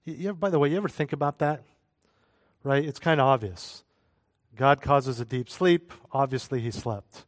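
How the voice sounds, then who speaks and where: Pastor preaching in a dry, close sound. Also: male voice, mid-range voice, moderate pace, no room sound. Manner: conversational preaching with asides and jokes. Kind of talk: sermon.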